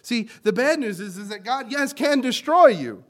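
A male pastor preaching a sermon, swinging from loud emphatic lines to quiet ones as he explains and quotes scripture. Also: very high-pitched, lively intonation, moderate pace. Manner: teaching word meanings and quoting scripture.

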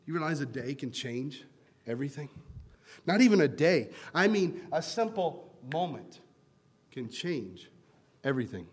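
High-ish guy in his 30s preaching, chatty and jokey, sermon vibe. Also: very animated, measured pace, pauses often, breathy edge. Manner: joking and chatty, telling anecdotes between scripture readings. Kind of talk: conversational sermon.

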